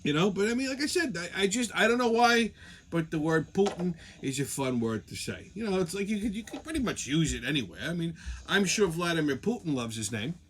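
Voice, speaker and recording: A man hosts his show with a profane, sarcastic, rambling comedic rant. His voice sits on the higher side and leaps all over the place. The tone is bright and forceful. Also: sing-song, fairly quick, slight background noise. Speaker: show host.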